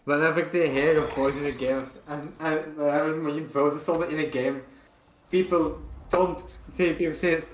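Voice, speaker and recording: A man's voice: on the high side, moderate pace. Man in an echoey room. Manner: relaxed, reading off a list. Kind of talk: casual gaming stream chat.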